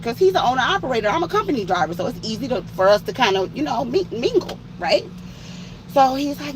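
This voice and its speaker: A woman telling a story in an animated, profane way, acting out what each person said. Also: fairly high pitch, fast talker, background noise. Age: older than 30. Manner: animated, profane, acts out quoted voices. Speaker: truck driver telling a story. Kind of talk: uncensored storytime.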